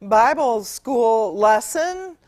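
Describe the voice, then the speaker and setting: A woman's voice: a little high, expressive, extremely slow, a little mellow, no room sound. A middle-aged woman giving an earnest, emphatic Bible teaching in a studio, stretching out key words and using fillers. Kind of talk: teaching sermon.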